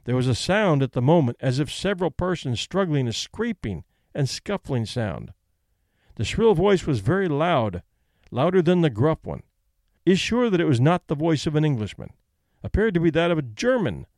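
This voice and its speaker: A man narrating a classic short story aloud, reading witness testimony in a measured, deliberate way. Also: on the high side, very animated, a little mellow, dry recording, clean studio sound.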